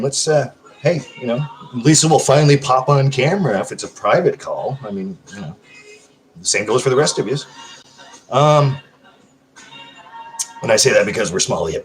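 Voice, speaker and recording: On poor audio, a man with a mid-range voice casually hosts a livestream. He reads viewer comments aloud, rambling, profane, and hyper.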